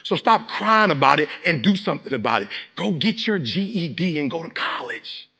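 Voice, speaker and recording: Man, motivational speaker, live speech, call-and-response, shouted exhortations, forceful tone. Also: a little high, sing-song, moderate pace, gravelly, breathy edge. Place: room with a live audience.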